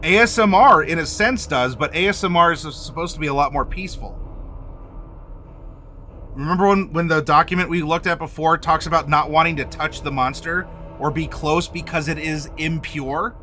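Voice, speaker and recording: A man hosting a game master workshop, talking to camera and addressing the viewer directly in an animated way. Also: on the high side, moderate pace, faint music behind. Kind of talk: instructional talk to camera.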